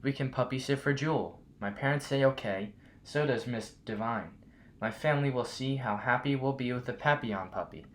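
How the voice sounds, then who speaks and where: A man reading a children's picture book aloud in a steady, clear reading voice. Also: mid-range voice, moderate pace, slight background noise. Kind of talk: storybook read-aloud.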